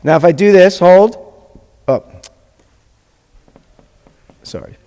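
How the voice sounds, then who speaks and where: A rabbi teaches a live Hebrew class in a congregation classroom, drilling sounds with his students and making joking asides. His high-pitched voice has a dark tone and takes things slowly, with long hall reverb.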